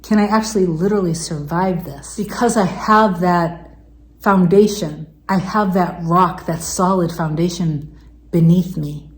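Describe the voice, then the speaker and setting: A woman with a lowish voice speaks earnestly to her viewers, piling up affirmations one after another. Her talk is heartfelt and emotional, recorded in an echoey room. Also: steady tone, unhurried. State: tearful, emotional. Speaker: manifestation coach.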